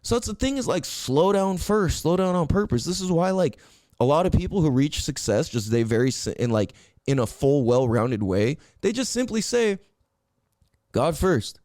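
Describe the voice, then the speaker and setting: Male podcast host, young adult, high and lively voice; casual profane sermonizing, close dry mic. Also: dry recording. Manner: profane, animated and preachy, swings between loud highs and low drawn-out words. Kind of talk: casual monologue.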